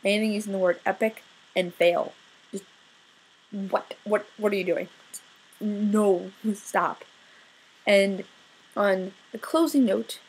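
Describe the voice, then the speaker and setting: A woman's voice: medium pitch, slow, pauses often, breathy edge, low-quality recording. A young adult woman, a student, talks in a rambling, blunt and sarcastic casual vlog. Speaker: student vlogger.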